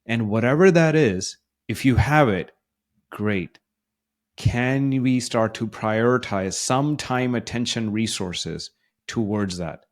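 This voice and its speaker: A man's voice: medium pitch, slow pace. Encouraging man giving motivational advice. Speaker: podcast co-host and life coach. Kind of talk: casual podcast conversation.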